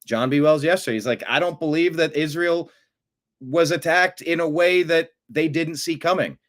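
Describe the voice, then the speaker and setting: Opinionated man hosting a talk show. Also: on the high side. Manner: rambling and opinionated, quick swings from mutter to outburst. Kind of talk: casual political commentary.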